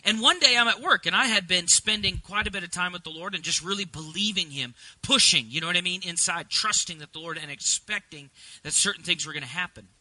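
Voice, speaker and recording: A man's voice: high-pitched, bright, forceful tone, dry recording, poor audio. A middle-aged male pastor preaching a sermon, mixing chatty asides with emphatic preaching. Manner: conversational, rising to emphatic preaching.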